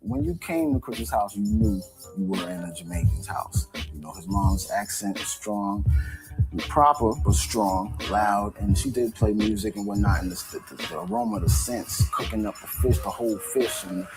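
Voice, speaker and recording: A man from Brooklyn recalling his childhood in a documentary interview, slow and reflective. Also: lowish voice, expressive, over loud music, low-quality recording.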